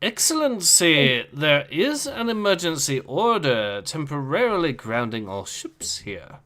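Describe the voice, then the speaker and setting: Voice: medium pitch, very animated, unhurried, a bit bright. A reader voicing a hesitant, deferential ship captain in a comic read-aloud. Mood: nervous.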